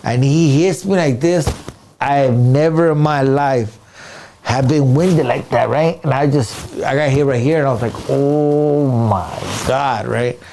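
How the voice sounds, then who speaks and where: A man's voice: medium pitch, unhurried, a little hiss or hum. Man telling a story with slang and sound effects. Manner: animated, street slang, sound effects, frequent "right?" and "dude"; many restarts and fillers. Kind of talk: casual storytelling in an interview.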